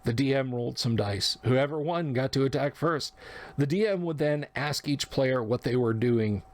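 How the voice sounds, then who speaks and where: A man's voice: medium pitch, moderate pace. Guy telling his old dnd story, reflective, puts on voices for the quotes. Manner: reflective, acts out quoted lines. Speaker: podcast narrator. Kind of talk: storytelling memoir.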